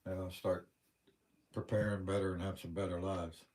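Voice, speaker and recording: Low and darkish, this livestream host's voice has a flat delivery and a moderate pace. He speaks with a Western Pennsylvania accent and tells rambling, plain-spoken stories in a folksy manner on a casual stream.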